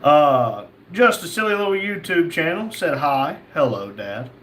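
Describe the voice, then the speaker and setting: A man's voice: a little high, sing-song, measured pace, a bit bright, slight background noise. Easygoing man reading live chat. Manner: reads chat names aloud, chatty and easygoing. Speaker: livestream host reading chat. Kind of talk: casual live-stream chat.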